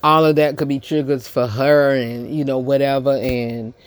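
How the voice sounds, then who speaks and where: A man hosting a podcast, giving a casual commentary monologue, halting and repeating himself with many fillers. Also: mid-range voice, level tone, clean tone. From United States. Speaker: podcast host.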